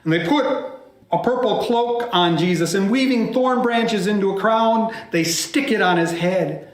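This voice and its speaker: A pastor tells a scripture story from memory in a high, expressive man's voice. He builds the drama and sinks some lines into a hushed whisper. The sound carries the echo of a church room. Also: measured pace. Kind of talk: by-heart biblical storytelling.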